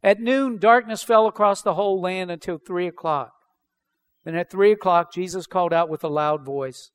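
A man's voice: high voice, normal speed, clean tone. A man preaching a sermon as pastor, reading scripture aloud and then explaining it with emphatic questions.

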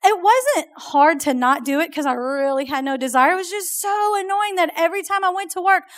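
A woman preaching a sermon to a youth group, telling stories in a chatty, animated way. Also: sits high. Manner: animated storytelling, chatty with "like" and "oh my gosh".

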